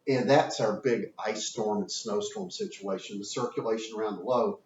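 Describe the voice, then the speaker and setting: A man's voice: fairly low pitch, normal speed, a little mellow. Guy teaching weather class, rambly and chatty, far from the mic in an echoey room, kinda dull hissy audio. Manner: rambling, chatty, with fillers while drawing on a board. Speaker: meteorology teacher. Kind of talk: informal classroom lecture. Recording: roomy, distant, dull audio with faint hiss.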